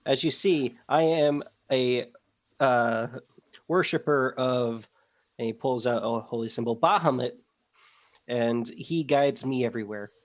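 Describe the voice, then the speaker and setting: Man role-playing a fast-talking huckster. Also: mid-range voice, fairly even intonation, lo-fi sound. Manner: fast-talking salesman patter with many fillers. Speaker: player. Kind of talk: in-character tabletop role-play.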